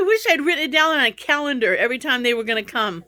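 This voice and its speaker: Middle-aged woman vlogger, slightly high voice, rambling, laughs things off. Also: expressive, fast talker, bright, forceful tone. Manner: rambling, laughs through her frustration. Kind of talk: casual vlog chat.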